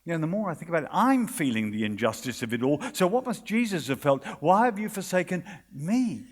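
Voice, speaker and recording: A man with a British accent preaching a sermon at a conference, earnest and dramatic, dropping to a hush at key moments. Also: a little high, big pitch swings. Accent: British English. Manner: earnest, dramatic, with hushed pauses and quoted voices. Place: conference hall. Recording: long hall reverb.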